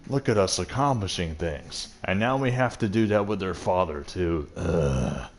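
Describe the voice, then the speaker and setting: A man's voice: low voice, lively intonation, unhurried. Casual, joking young man gaming. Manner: rambling, joking, profane. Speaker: gaming streamer. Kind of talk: casual gameplay commentary.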